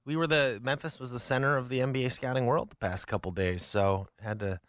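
A man speaking as a guest on a sports talk show, his voice bright and edged. The sound is close and dry, with no room around it. He rambles through stories and keeps correcting himself mid-sentence. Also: medium pitch, fairly even intonation, a little fast, dry recording. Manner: rambling, self-correcting storyteller. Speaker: newspaper columnist, radio guest. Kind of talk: casual chat.

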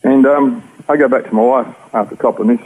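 A man with an Australian accent telling his personal story in rough, slangy speech as an interview guest. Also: mid-range voice, steady tone, fairly quick, phone-quality sound, slight background noise. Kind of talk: personal testimony.

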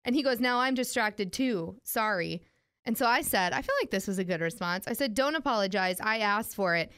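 With a brisk, animated, mid-range voice that's a bit bright and clean, this young adult radio host and podcast co-host chats casually. She tells a story and giggles while reading messages aloud.

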